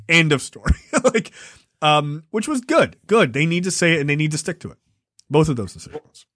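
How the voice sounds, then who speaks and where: A man's voice: a little high, lively intonation, moderate pace, a bit bright, no room sound, studio quality. A man co-hosting a podcast in casual chat, rambling and emphatic, often laughing. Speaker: podcast co-host.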